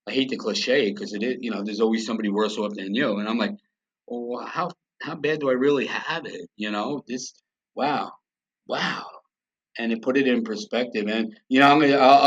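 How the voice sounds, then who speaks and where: A middle-aged man from the United States, a podcast guest telling a personal story in a blunt, profane, emotional way. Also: on the low side. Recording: dull lo-fi sound.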